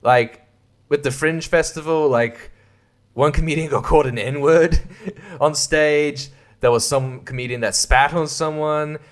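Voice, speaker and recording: A man's voice: a little high, fairly even intonation, a little slow. A man hosting a podcast, riffing in a crude, irreverent comic monologue and laughing at his own jokes. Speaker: podcast host. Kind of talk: casual comedic monologue.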